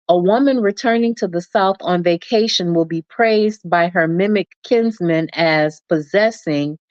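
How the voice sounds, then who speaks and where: A woman reads a nonfiction book aloud, taking her time in a deliberate, measured way. Her voice sits a little low. The recording is dull and lo-fi, with a dry, close sound. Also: no room sound. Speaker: reader.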